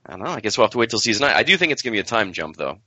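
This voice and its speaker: Man, low bright voice, very lively pitch, casual podcast chat. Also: rapid-fire, no echo. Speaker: podcast co-host. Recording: dull lo-fi podcast audio.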